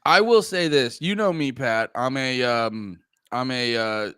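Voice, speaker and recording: A young adult man co-hosting a casual comedy chat, joking with deadpan irony. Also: mid-range voice, unhurried, smooth. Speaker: podcast co-host.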